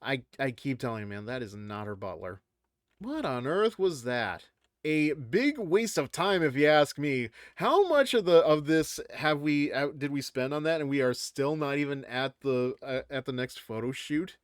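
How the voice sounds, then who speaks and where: A man's voice: medium pitch, lively intonation, moderate pace, no echo, studio quality. A man streaming a visual novel, reading the dialogue aloud and making rambling, jokey asides. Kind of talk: reading game text aloud and commenting.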